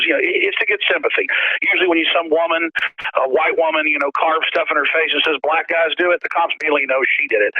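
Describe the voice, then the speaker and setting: A man's voice: a little high, no echo. A man hosting a talk radio show, ranting in an emphatic, repetitive way with stammered restarts. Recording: dry, tinny phone-like sound.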